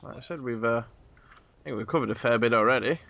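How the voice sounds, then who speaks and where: A man's voice: medium pitch, fairly quick, creaky, sharp tone, lo-fi sound. A man hosting a casual podcast, rambling with many fillers. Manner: rambling, filler-heavy planning talk. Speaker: podcast host.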